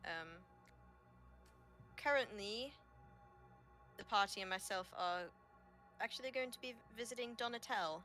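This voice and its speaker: A woman's voice: a little high, unhurried, long pauses, sharp tone, faint music behind. A woman playing a caring young adventurer who speaks politely and hesitantly, with fillers, in a tabletop game. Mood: earnest.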